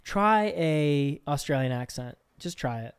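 An easygoing man from Pittsburgh talks with his co-host. He chats casually and warmly about hometown pride and family plans in a relaxed podcast setting. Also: fairly high pitch, a little slow, smooth. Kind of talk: casual chat.

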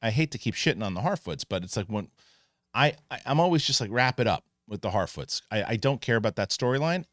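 A man hosting an online show, giving a casual spoken review of a TV episode, animated and full of restarts. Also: mid-range voice, no room sound, studio quality. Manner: animated, restarts often, acts out characters in quick asides.

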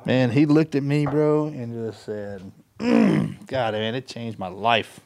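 A man's voice: mid-range voice, slow pace. A man telling training stories in casual chat, laughing as he goes. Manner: animated storyteller, laughs through his stories. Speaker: guest, retired Navy SEAL. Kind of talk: casual storytelling.

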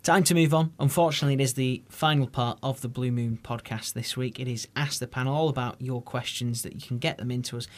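A man hosting a podcast, introducing a segment and reading out listener questions in a brisk, upbeat way. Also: mid-range voice, steady tone. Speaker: podcast host. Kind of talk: podcast presenting.

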